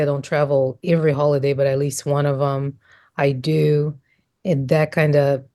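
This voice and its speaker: A woman on a podcast talking in a casual chat, with a thoughtful, measured delivery. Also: low voice, mellow. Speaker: podcast panelist.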